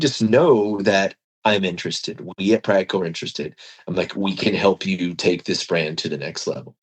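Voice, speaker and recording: A man's voice: sits low, a little fast, breathy edge, low-quality recording. A man, a fishing tackle executive, telling a story in a casual interview and acting out the dialogue. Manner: animated, acts out quoted dialogue.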